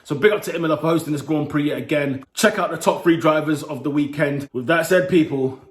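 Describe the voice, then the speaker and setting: A young man, speaking in a fairly high voice, delivering an animated solo review. He exclaims and teases his way through it. The sound is roomy and echoey. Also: fairly quick. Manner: lively, exclaiming, playful scolding. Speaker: motorsport commentator vlogger. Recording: echoey room.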